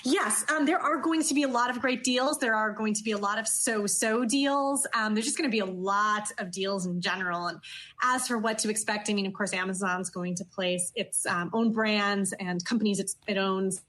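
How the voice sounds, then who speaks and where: A woman shopping expert answering questions in a podcast interview. Her voice sits at a middle pitch, and she talks in a measured way with plenty of small fillers. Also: a bit bright.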